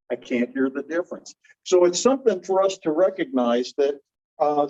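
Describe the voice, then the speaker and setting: Lively middle-aged male teacher, dull recording. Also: on the high side, slightly rough. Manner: chatty, animated, asks the class questions. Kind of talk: classroom lecture. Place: classroom.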